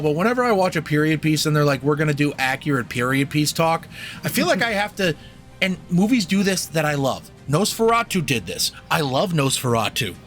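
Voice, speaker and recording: A young man holds forth on a casual podcast, rambling and swearing freely as he jokes his way through a film review. His voice sits a touch high for a man, and faint music hums underneath. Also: fairly bright tone. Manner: rambling, profane, jokey. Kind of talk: casual chat.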